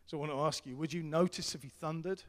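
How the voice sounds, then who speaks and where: A middle-aged man preaching a sermon as pastor, earnest and repetitive, swinging between loud appeals and hushed tones. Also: fairly high pitch, steady tone, fast. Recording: long hall reverb.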